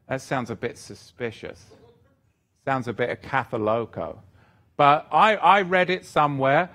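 Slow, unhurried male Bible teacher. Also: mid-range voice, a bit bright. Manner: rambling, thinks aloud with restarts. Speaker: Bible teacher answering viewer questions. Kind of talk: live-stream Q&A teaching.

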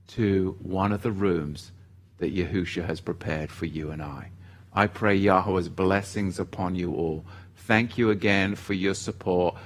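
A man hosting a ministry livestream, chatting casually and reading viewer comments aloud in an upbeat way. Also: low voice.

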